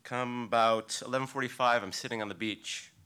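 A man, a local surfer, telling a personal story live on stage, in a vivid, halting way that swings between excited bursts and hushed passages. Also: medium pitch, smooth. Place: live storytelling event before an audience.

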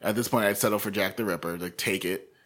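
A man's voice: lowish voice, steady tone, quick pace, a bit bright. A man in his twenties co-hosting a podcast in casual chat, talking bluntly and ranting with free swearing. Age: 20s. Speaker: podcast co-host.

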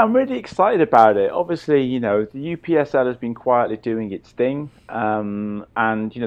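A man's voice: medium pitch, darkish tone. A man, chatting casually as a podcast co-host in an easygoing way. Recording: dull lo-fi sound.

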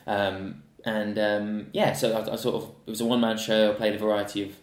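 A man speaks in a lowish, easygoing voice, rambling through his stories with plenty of fillers and restarts. His voice rings in a roomy indoor space during a casual podcast chat. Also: little pitch movement, brisk. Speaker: guest, actor. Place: indoor room. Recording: roomy echo.

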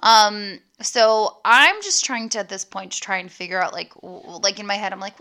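A woman's voice: medium pitch, moderate pace, few pauses, sharp tone, clear, resonant tone. A young woman casually recapping a horror movie to her viewers, with lots of ums and likes and the odd swear word. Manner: talks straight to her viewers.

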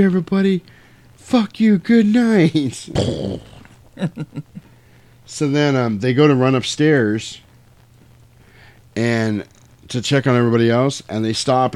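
A man in casual chat, telling a movie plot scene by scene, acting out the quotes and swearing freely. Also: on the low side. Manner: animated storytelling, acts out quotes, swears freely.

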